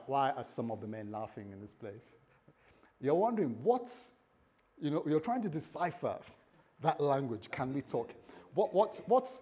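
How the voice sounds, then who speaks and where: Guy preaching to a congregation, kinda husky, a bit higher voice, acts out the story, gets hushed then loud. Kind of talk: sermon. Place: church hall with a congregation. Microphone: recorded for the church website.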